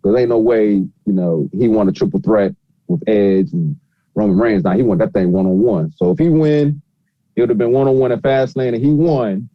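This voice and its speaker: A man's voice: on the low side, moderate pace, dry recording, dull audio. A man hosting a casual podcast, recapping a show in a rambling way with lots of fillers. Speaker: podcast host.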